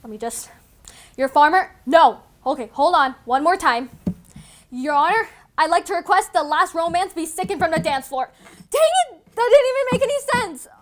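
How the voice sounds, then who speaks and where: A woman's voice: high-pitched, moderate pace, a bit bright. A woman playing an exhausted young actress who stumbles over her lines and keeps apologizing over a video call in a comedy sketch. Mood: frazzled. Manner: flustered, tongue-tied, apologetic. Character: frazzled young actress botching an audition.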